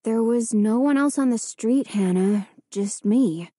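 A woman voicing a concerned boy who speaks softly and gently. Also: on the high side, a little slow, husky, dry recording, studio quality.

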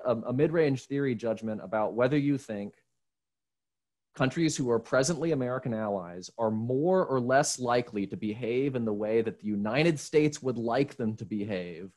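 A man presenting his paper on an academic panel, measured and explanatory, pushing back firmly. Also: medium pitch, animated, a little mellow. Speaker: paper author, panel speaker. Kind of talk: academic debate.

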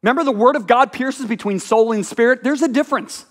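High-voiced preacher in a reverberant chapel. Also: male voice, quick pace. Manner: storytelling, dramatic hushed asides and sudden loud exclamations. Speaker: pastor. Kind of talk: sermon. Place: college chapel.

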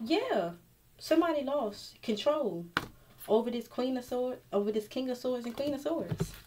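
A woman's voice: high voice, lively intonation, moderate pace, noisy background. A woman reading tarot cards straight to the viewer in a casual, blunt and profane way. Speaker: tarot reader.

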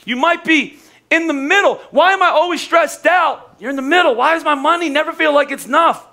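High, bright-voiced pastor preaching. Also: male voice, fairly quick. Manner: conversational preaching with acted quotes and humor. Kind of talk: sermon.

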